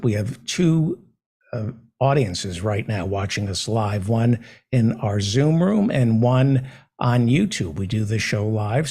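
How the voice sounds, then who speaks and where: A man hosting a live talk show, delivering a sarcastic monologue that swings from loud outbursts to muttered asides. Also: medium pitch, slightly rough. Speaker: podcast host. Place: small room overlooking an air shaft.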